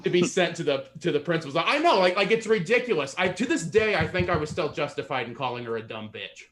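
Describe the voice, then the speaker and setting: A man from Indiana doing a stand-up set on an online show, out of breath and self-deprecating, halting over fillers and laughing into his punchlines. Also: on the high side, lively intonation, fairly bright tone, slight background noise. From Indiana, USA. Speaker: stand-up comedian.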